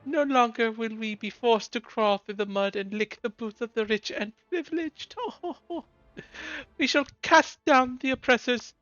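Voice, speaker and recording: A man's voice: very high voice, unhurried, a bit bright, no echo, lo-fi sound, faint music behind, pitched above the performer's own voice. A man voicing a pompous, posh male villain who poses as a leader of the poor, with grand speechifying delivery. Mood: grandiose. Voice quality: posh, haughty. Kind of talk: voicing game dialogue while streaming.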